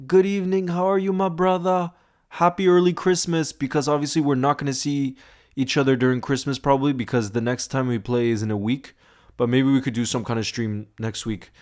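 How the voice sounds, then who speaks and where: A young man hosting a live stream, chatting casually and greeting viewers by name as he reads their comments. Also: medium pitch. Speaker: livestream host.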